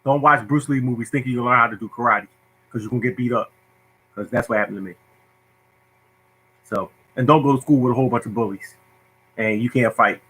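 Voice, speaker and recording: A man hosting a lottery show, casually telling stories to viewers in an animated, joking, self-mocking way. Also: medium pitch, a little fast, long pauses, slightly rough, low-quality recording.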